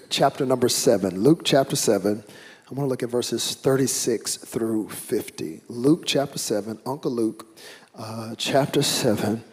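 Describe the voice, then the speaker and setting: A man's voice: medium pitch, breathy edge. A man preaching a sermon, joking and calling out to the congregation for responses. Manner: lively preaching with humor and call-and-response. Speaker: pastor.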